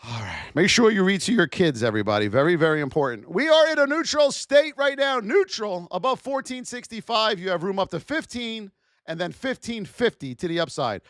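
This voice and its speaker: A man's voice: high-pitched, a little fast, dry recording, clean studio sound. A middle-aged man hosting a live trading stream, giving chart commentary and calling out to viewers in the chat. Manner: animated, shouts out to chat viewers. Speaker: trading livestream host.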